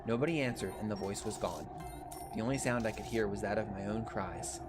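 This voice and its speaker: A man reading horror-game dialogue and narration aloud in a steady storytelling voice. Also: lowish voice, brisk, music in the background.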